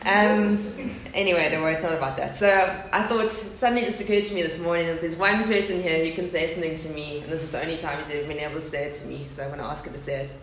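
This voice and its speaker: A woman's voice: sits low, fairly even intonation, quick pace, hardly any pauses, a bit bright. A woman in her thirties giving a candid, earnest personal testimony talk to an audience at a faith gathering. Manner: candid and earnest, speaking of loss. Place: hall with a live audience. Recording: echoey hall, faint background hum.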